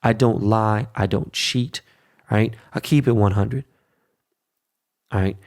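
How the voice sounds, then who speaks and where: A brash middle-aged podcast host speaks straight into his own mic in an unscripted, casual monologue. His voice is low, gravelly, and darkish, with fairly even intonation and a slow pace. He's blunt and profane, driving points home with "right?" and "okay?"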